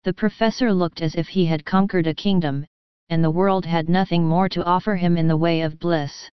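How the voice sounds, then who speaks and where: Woman reading a bedtime audiobook, really smooth lowish voice, dry dull sound. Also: steady tone, normal speed, dry recording. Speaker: audiobook narrator.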